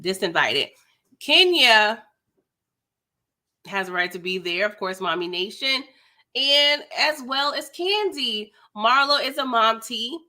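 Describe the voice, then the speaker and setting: A woman's voice: medium pitch, bright, forceful tone. A young woman giving a sassy, slangy, casual recap of a reality TV episode, full of "like" and "girl".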